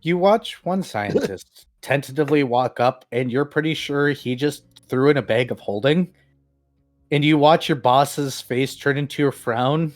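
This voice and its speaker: A game master narrating a tabletop game in a lively way. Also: measured pace, dry recording, faint music behind. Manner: lively narration with sudden pitch jumps.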